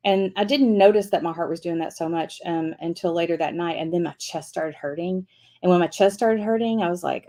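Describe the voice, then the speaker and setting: A woman's voice: fairly low pitch, quick pace, darkish tone. A middle-aged woman hosting a devotional livestream, telling a story to her viewers in a chatty, rambling way with frequent laughs. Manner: chatty and rambling, many restarts and fillers; upbeat, laughs often. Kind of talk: casual storytelling chat to viewers.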